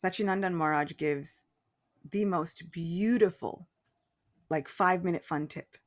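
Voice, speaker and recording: A woman in casual spiritual conversation as a podcast guest, animated and laughing often, restarting her phrases. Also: fairly low pitch, measured pace.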